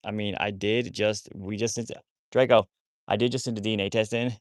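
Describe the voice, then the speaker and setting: A man's voice: on the low side, steady tone, a little fast, dry recording, clean studio sound. A man hosting a casual livestream about rescuing wolfdogs, rambling with many restarts while he talks to his dogs.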